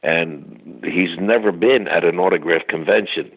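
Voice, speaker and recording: A man's voice: low voice, a little slow, gravelly, slightly rough. An older man telling chatty anecdotes as an interview guest, full of fillers and restarts, heard over a phone line. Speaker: guest singer. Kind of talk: storytelling interview.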